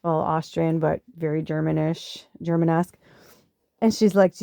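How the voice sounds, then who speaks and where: A woman's voice: fairly even intonation, normal speed, vocal fry, dark tone, no room sound, clean studio sound. A middle-aged woman podcast host telling a personal story in a chatty way, swearing now and then. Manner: chatty, swearing, acts out quotes in a higher voice. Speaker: podcast host, spiritual medium. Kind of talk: casual storytelling.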